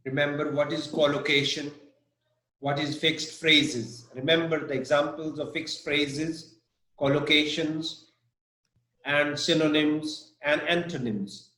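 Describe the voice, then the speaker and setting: A male English teacher gives a live online vocabulary lesson, speaking at a slow, deliberate pace and often checking in with his class. His voice sits a little high for a man, and the recording has a noticeable room echo. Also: steady tone, pushed and bright. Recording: echoey room.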